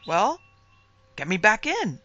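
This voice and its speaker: A woman voicing a sweet, apologetic old witch woman in a dark storybook tale. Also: lowish voice, expressive, a little slow, vocal fry, muffled recording, voice pushed up, full character voice.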